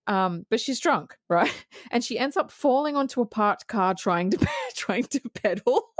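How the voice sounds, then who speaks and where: A woman's voice: on the high side, big pitch swings, a little slow, dry recording, studio quality. A woman co-hosting a podcast, casually retelling movie scenes with laughs and acted-out quotes. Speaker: podcast co-host. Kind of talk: casual movie review chat.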